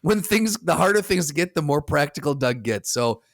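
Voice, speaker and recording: A man's voice: fairly high pitch, animated, normal speed, creaky, no echo, clean studio sound. A man co-hosting a podcast in casual chat, rambling and restarting sentences as he retells what others said. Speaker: podcast co-host.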